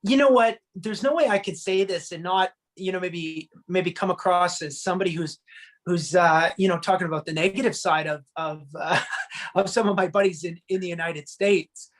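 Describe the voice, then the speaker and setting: A man from Canada, a country singer, chatting as a guest in a casual video-call interview and telling stories with lively acted-out quotes. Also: sits high, normal speed. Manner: animated storyteller, acts out quotes.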